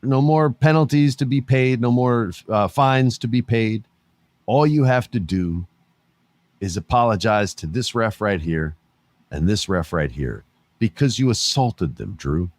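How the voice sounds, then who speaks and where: Low-voiced man talking wrestling. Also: unhurried, no room sound. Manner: animated, laughs often, swears casually. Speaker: podcast host. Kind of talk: casual commentary.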